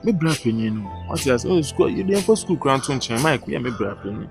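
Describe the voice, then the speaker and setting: A man's voice: medium pitch, animated, a little fast, creaky. A man with a Ghanaian accent playing a young man who keeps pleading with his friend over a girl. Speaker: comedy sketch actor. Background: background music.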